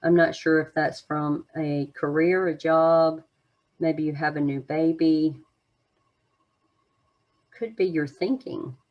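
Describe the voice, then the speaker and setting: A woman's voice: sits low, steady tone, takes it slowly, pauses often, highs cut off. A woman giving an unscripted oracle card reading to her viewers, musing in a meandering way with many fillers.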